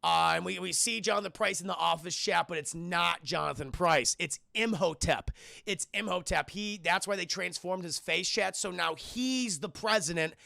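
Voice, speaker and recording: A male streamer giving an excitable, profane film recap and addressing his live chat throughout. His voice is high and very gravelly with a bright, forceful edge. The recording is dry and close. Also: moderate pace, dry recording.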